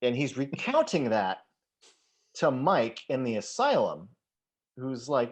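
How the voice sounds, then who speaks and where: A man's voice: mid-range voice, huge pitch swings, takes it slowly, pauses often, slightly rough. A man co-hosting a casual movie podcast, rambling through thoughts with lots of restarts, fillers and casual swearing. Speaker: podcast co-host.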